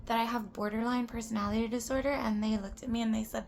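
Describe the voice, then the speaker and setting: A woman's voice: fairly high pitch, steady tone, quick pace, a little mellow, a little hiss or hum. Rambling, swearing young woman vlogger. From US-Mexico border region. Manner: rambling, profane, drops into whispered asides. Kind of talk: casual chat to camera.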